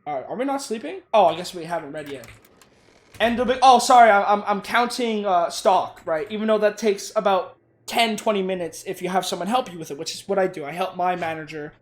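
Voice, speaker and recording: A man's voice: sits high, quick pace. A man casually ranting and telling profane work stories while playing a game. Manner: ranting, profane, animated storytelling. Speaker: gaming YouTuber. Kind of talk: casual rant over gameplay.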